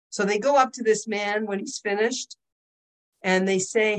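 A middle-aged woman giving a Jewish religious lesson, telling stories in an animated, conversational way and checking in with her listeners. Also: mid-range voice, normal speed, poor audio. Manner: animated, conversational, asks the audience "okay?" and "hello?". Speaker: Torah teacher.

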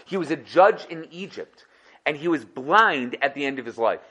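A man teaching a casual Torah class, telling stories in an animated, conversational way. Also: a little high, moderate pace.

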